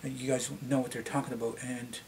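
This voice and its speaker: Canadian man, middle-aged, slightly deep voice, rambling vlog chat, many restarts. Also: flat delivery, a little fast, darkish tone, slight background noise. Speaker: vlogger. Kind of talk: casual rambling chat to camera.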